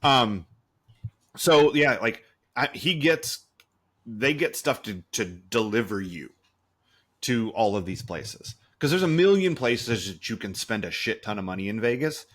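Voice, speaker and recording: A male podcast co-host with a mid-range voice talks at a measured pace during casual conversation. He narrates animatedly, playing out the quotes himself.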